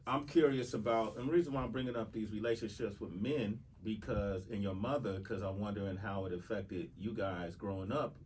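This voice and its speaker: A man hosts a radio interview, drawing the story out with probing questions and short affirmations. His voice is fairly low and sounds set back from the microphone, with a faint noise floor. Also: a little fast, hardly any pauses, a little mellow. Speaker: radio show host. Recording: distant mic with faint noise.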